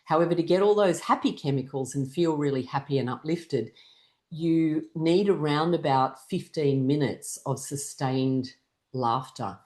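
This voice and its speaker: A laughter class leader with a mid-pitched voice, speaking a little slowly, calmly guides listeners through a morning laughter routine. She explains each step gently and invites everyone to follow along, with soft fillers creeping in as she goes.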